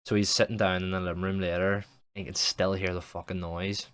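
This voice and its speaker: A man's voice: deep voice, little pitch movement, a little fast, a bit bright, smooth, no echo. A young man improvising a comic story as a streamer, rambling and swearing, with many restarts.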